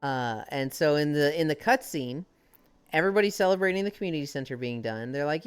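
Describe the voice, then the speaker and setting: Streamer, young adult woman, low smooth voice, casual animated storyteller who acts out the characters she quotes. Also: a little fast, faint music behind. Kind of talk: casual chat.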